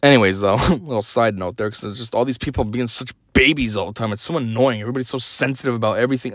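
A man's voice: mid-range voice, fast talker, few pauses, a bit bright, no echo. A young man hosting a podcast, delivering a blunt, sarcastic opinion rant. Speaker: podcast host.

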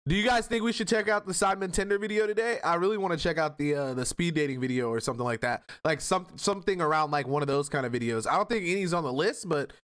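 A man's voice: on the high side, quick pace, few pauses, fairly bright tone. A man streaming live, reacting to a video in a casual, slangy way and laughing often.

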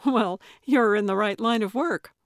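A woman's voice: mid-range voice, a little slow, dry recording, clean studio sound, natural voice. A woman voicing a blunt, sardonic female companion. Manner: blunt, chortling.

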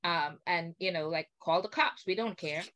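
An older woman, a guest on a video call, telling an indignant story with animated, acted-out quotes. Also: fairly low pitch, moderate pace, highs cut off.

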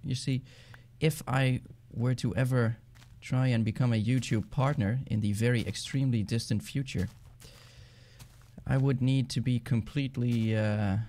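Chatty Dutch-accented male gamer, mid-pitched, casual rambling commentary, faint hiss on the track. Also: moderate pace. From Netherlands. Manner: rambling, chatty, easily excited. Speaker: gaming channel host. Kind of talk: casual let's-play commentary.

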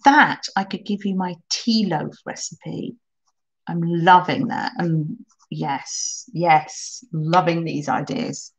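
A woman hosting a live crafting stream, chatting warmly with viewers and answering their comments as she works. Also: fairly low pitch, slow pace, creaky, low-quality recording. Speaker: crafting channel host.

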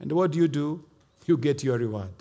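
A man's voice: fairly high pitch, lively intonation, a little fast, dark tone. A man with a Kenyan accent preaching a sermon as a bishop, emphatic, slipping in Swahili and Kikuyu asides.

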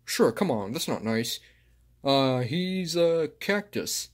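A man voicing a calm, patient superhero, talking hesitantly with many fillers in home toy play-acting. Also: mid-range voice, slow pace.

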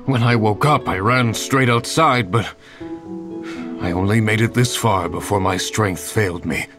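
A weary man from a video game, played by an actor, talking slowly and earnestly, like someone still worn out. His voice sits a bit low, with soft game music underneath. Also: natural voice. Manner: slow, tired, earnest. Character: weary man recovering from the cold.

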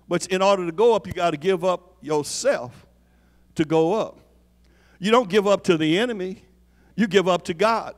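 A man's voice: sits high, normal speed. A man preaching a sermon as an apostle, repeating lines for emphasis and calling on the congregation to respond. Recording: long hall reverb.

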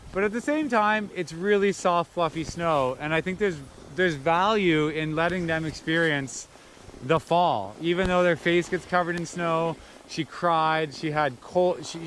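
A man's voice: on the high side, fairly bright tone, a little hiss or hum. A man in his thirties, a father patiently coaching and encouraging his young children on a ski hill, recorded outdoors on a camera mic. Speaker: father vlogging a family ski day. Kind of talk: casual narration and coaching on the slopes.

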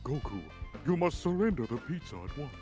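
A man's voice: on the high side, sing-song, a little fast, a little mellow, faint music behind. A man voicing a stern, menacing servant who makes threats. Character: stern male genie-like servant.

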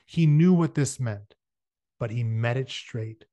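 A man reads a novel aloud and breaks off for casual asides, with fillers. His voice is middle-pitched. The sound is dry and close. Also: takes it slowly, warm tone, no room sound. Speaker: reader. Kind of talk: reading a novel aloud with commentary.

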